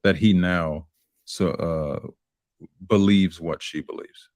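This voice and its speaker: A man speaking as a panel guest, measured and hesitant with fillers. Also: deep voice, steady tone, a little mellow, no room sound, studio quality. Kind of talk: panel discussion.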